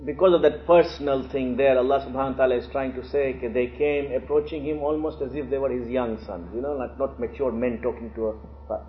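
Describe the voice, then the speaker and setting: Man, religious lesson, animated delivery, acts out quotes, tinny narrow line, faint hiss. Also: mid-range voice, fast talker, roomy sound. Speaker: teacher of Quran commentary.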